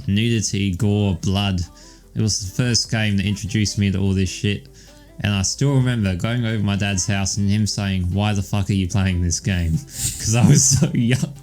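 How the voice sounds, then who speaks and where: A man's voice: lowish voice, darkish tone. Young aussie guy cohosting a podcast, swears a lot, says um all the time. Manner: rambling and profane, with many ums and "all right"s. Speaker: podcast co-host. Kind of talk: casual chat.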